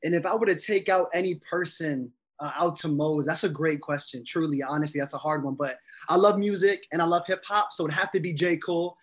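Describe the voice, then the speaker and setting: A man's voice: fairly high pitch, fairly even intonation, brisk, fairly bright tone. A young man from Connecticut, a podcast guest, talking casually and enthusiastically with many fillers. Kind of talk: casual interview chat.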